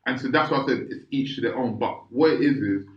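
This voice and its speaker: A podcast co-host with a mid-range voice talks quickly in casual chat, rambling, restarting often, and checking that you follow. The recording sounds echoey and slightly muffled.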